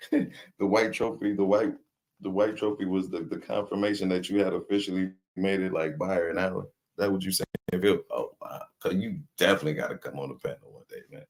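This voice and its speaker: A man's voice: deep voice, brisk. A man hosting a casual live stream, teasing his chat with loose slang and frequent laughs. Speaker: livestream host reading chat.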